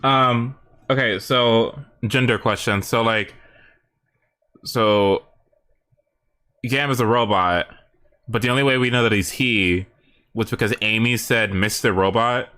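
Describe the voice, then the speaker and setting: A man's voice: mid-range voice, slow, pauses often, pushed and bright, clean tone. A man chatting casually on a live stream, rambling and hesitant with many fillers. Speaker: livestream host.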